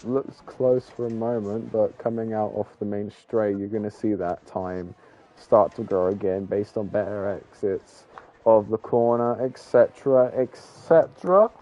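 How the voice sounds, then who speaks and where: A man's voice: fairly low pitch, measured pace, dark tone, muffled recording. A man giving casual, rambling commentary on a sim race, joking and talking to the drivers.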